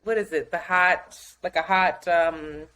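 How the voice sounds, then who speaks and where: A woman co-hosting a podcast, telling a story in casual chat, animated and laughing often. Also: on the low side, a little slow, poor audio. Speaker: podcast co-host.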